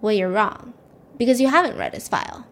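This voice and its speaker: A woman's voice: medium pitch, wildly swooping pitch, brisk, creaky. A woman voicing a stern, cold older female hospital director who interrogates a young doctor bluntly. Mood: scolding.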